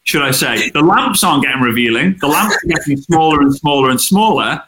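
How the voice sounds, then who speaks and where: Bright, echoey man telling stories. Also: a little high, a little fast. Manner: chatty, animated anecdotes with acted-out quotes. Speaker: guest. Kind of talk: casual interview storytelling. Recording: roomy echo.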